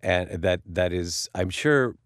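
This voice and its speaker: Earnest radio host, dry studio sound. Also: male voice, low-pitched, lively intonation, slow, dry recording. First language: Sicilian. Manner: earnest, emotional, frequent restarts. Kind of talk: heartfelt storytelling talk show.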